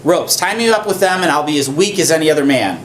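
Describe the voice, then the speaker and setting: A boastful strongman spins made-up secrets in a glib, evasive tone, as a preacher voices him. The voice sits a bit higher than a plain man's talk. A faint hum of ambience lies underneath. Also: lively intonation, quick pace, a bit bright, reverberant. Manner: glib, evasive, slightly raised. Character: boastful strong man telling tall lies.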